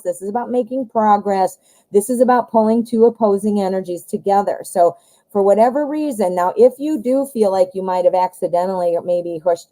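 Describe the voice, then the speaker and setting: Chatty, mellow-voiced woman reading tarot. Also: mid-range voice, poor audio. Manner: chatty, expressive, calls the viewer honey. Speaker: tarot reader.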